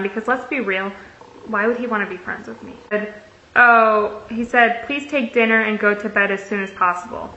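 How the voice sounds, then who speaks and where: A woman's voice: medium pitch, moderate pace, pushed and bright. A young woman in a casual storytelling vlog, reading out messages with sarcastic asides. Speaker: vlogger. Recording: echoey room, dull lo-fi sound, faint hiss.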